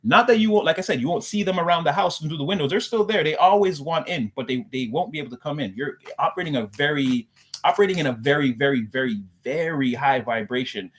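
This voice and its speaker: A man's voice: fairly high pitch, fast talker. A man delivering a loose, rambling spiritual message to his viewers, repeating "again" and circling back on his points. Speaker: spiritual reader.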